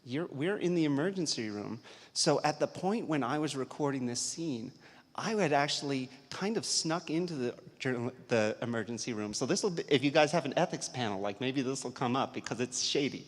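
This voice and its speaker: Man, investigative reporter, lively storyteller, conference talk, long hall echo. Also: mid-range voice, a little fast. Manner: lively anecdotal storyteller, reads aloud then chats. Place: large convention hall. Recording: echoey hall.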